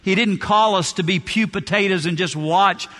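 A man preaches from the pulpit, hammering his points home through repetition. His voice sits high and bright. The sound rings with the long reverb of a large hall. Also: normal speed. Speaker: pastor. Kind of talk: sermon. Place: church sanctuary.

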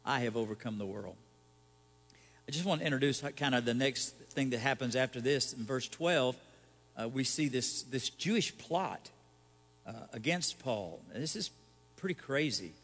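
A man's voice: mid-range voice, lively intonation, normal speed, a bit bright, long reverb tail. A man, a pastor, giving a conversational sermon with rhetorical questions and light humor.

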